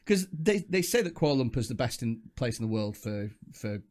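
A man's voice: medium pitch, very animated, fairly quick, a little mellow. A man co-hosting a comedy podcast, tossing crude jokey asides in casual chat. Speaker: podcast co-host.

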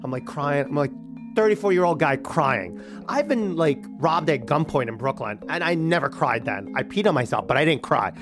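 A man's voice: a little high, expressive, normal speed, over music. A man telling a personal story in a conversational way, slipping into other people's voices as he recounts what they said. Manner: conversational, acts out dialogue.

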